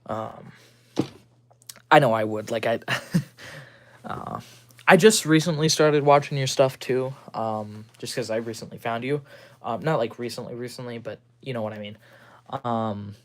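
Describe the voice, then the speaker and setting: A young man chatting casually on a livestream, rambling with lots of ums and restarts while he shows off a model he built at his workbench. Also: medium pitch. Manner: rambling, full of ums and restarts, fast talker. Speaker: livestream host.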